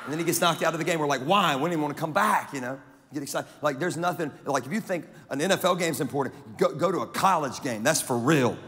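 Louisiana guy pastor preaching, jokey and lively with the crowd, kinda high voice, big echoey church. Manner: animated, joking preacher with crowd banter. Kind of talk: sermon. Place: large church auditorium. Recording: long reverb of a large hall.

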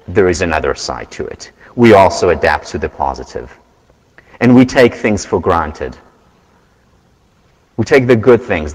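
Deep-voiced guy lecturing, earnest and measured, big echoey lecture hall. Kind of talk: university lecture. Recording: lecture hall with long reverb.

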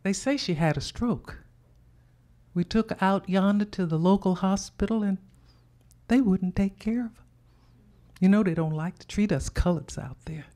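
Woman playing a soft-spoken older aunt. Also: mid-range voice, close to an everyday voice. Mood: somber. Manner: soft, slow, comforting. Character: older Southern aunt, gentle and soothing.

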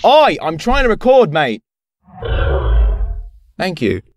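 A woman putting on a gruff, brusque mock Australian accent as a grumpy bloke. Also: fairly low pitch, wildly swooping pitch, slow, slight background noise, voice pushed down, full character voice.

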